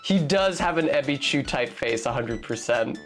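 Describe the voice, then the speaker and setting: A woman's voice: very deep voice, expressive, normal speed. A woman streamer casually commenting on a game, wry and joking, swearing now and then. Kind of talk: let's play commentary. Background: faint game music.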